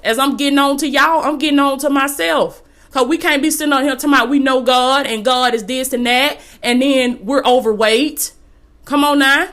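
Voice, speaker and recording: Woman, podcast host, motivational faith talk, preachy, folksy, slightly high voice. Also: fairly bright tone. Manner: emphatic and preachy, repeats phrases for emphasis; folksy, addresses listeners as y'all. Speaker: podcast host and life coach.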